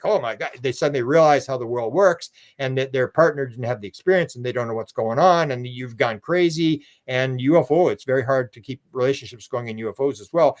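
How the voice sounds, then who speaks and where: An older man from Canada, a guest researcher in a casual interview, telling long rambling stories, repeating words and acting out voices he quotes. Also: mid-range voice.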